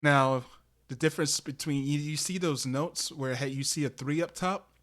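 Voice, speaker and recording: A man with a slightly high, somewhat bright voice gives a casual drum lesson on a live stream at normal speed. He explains things step by step, full of fillers and restarts, into a desk microphone that peaks when the drums hit hard.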